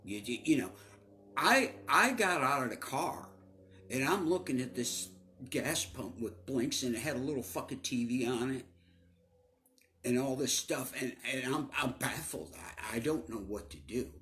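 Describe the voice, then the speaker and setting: Here a middle-aged man shares his life story in a mid-range voice with a fairly bright tone. It's casual and profane, with repeated words tripping him up and occasional dips to a near-whisper.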